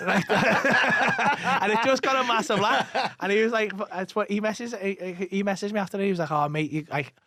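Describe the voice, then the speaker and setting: A man's voice: high-pitched, no echo, studio quality. A man, a comedian telling swearing-filled anecdotes in casual podcast chat, acting out what people said. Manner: swears freely, fast animated anecdotes with acted-out quotes. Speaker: comedian guest.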